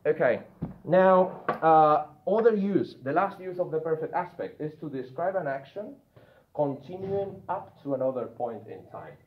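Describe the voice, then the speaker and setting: A man teaching an English grammar lesson. He explains slowly, repeats and stresses key words one at a time, and keeps checking that the listener follows. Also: fairly high pitch, animated, reverberant, phone-quality sound.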